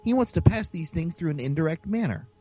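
A man voicing an excitable, wisecracking boy sidekick in a high, squeaky voice, reading a storybook aloud. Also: a little fast, slightly rough, soft background music. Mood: urgent. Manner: squeaky, jumpy, high-pitched outbursts.

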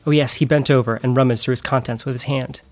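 Steady mid-voiced male narrator. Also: mid-range voice, fast. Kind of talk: dramatic reading of a novel.

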